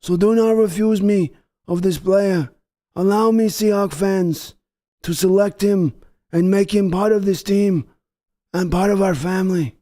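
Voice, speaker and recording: A man doing a rough impression of a slow, grave old mob boss, pleading in a heavy, drawn-out delivery. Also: high-pitched, dark tone.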